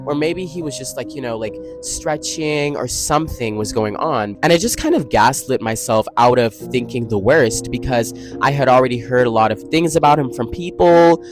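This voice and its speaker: A young man in college telling a dramatic storytime vlog, expressive and full of slang and swearing. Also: mid-range voice. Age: young adult. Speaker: college student vlogger.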